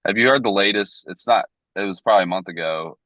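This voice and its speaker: A man's voice: low voice, fast, fairly bright tone, no echo, poor audio. A man co-hosting a casual podcast, telling stories in a loose, profane way. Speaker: podcast co-host.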